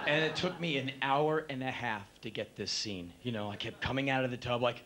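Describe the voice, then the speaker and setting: A man performing a comedic storytelling monologue at a live show, animated, swinging between low mutters and shouted bursts. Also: brisk, hardly any pauses, slight background noise. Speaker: spoken word performer.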